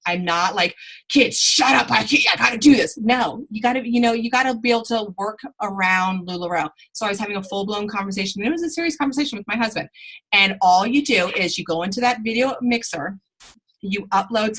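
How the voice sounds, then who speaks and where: Bright, chatty woman giving tips. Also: mid-range voice, rough recording. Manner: chatty and animated, lots of fillers. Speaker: clothing sales consultant. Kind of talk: casual tips chat to camera. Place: at home.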